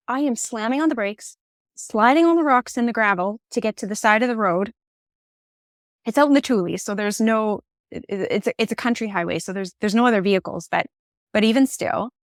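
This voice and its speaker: A woman in her forties, a podcast guest, telling a personal story in an expressive, candid way. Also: on the high side, no room sound, studio quality. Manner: candid and reflective.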